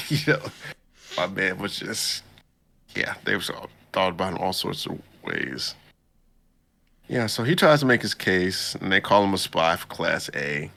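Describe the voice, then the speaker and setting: A man hosting a podcast, casually recapping an anime episode in a laid-back, slangy way and jumping up in pitch to quote the characters. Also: expressive, a little slow, creaky, pushed and bright. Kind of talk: casual chat.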